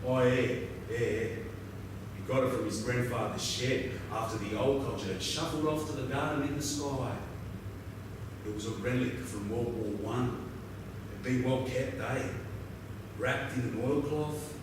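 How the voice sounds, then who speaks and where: An actor with an Australian accent playing a weathered, laconic outback roadhouse local who drawls through a swearing yarn. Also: male voice, mid-range voice, measured pace, natural voice. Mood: wry. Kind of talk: theatrical monologue. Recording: very echoey, distant mic, noisy ambience.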